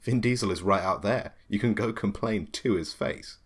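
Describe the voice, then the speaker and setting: Player, man, low voice, jokey and crude. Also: normal speed, breathy edge. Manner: jokey, swears freely. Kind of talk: casual tabletop game chat.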